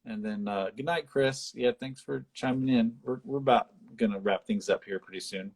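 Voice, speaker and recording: A man co-hosting a live chat, retelling film scenes and jumping into high-pitched voices to quote characters. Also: normal speed. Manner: animated retelling, acts out lines in high voices. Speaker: podcast co-host. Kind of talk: casual chat about a film.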